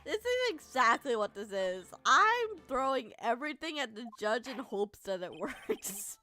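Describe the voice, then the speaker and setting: A woman streaming a game live, chatting in a silly, playful way with sudden loud outbursts. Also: fairly high pitch, big pitch swings, a little slow. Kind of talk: live gameplay commentary. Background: soft lofi music.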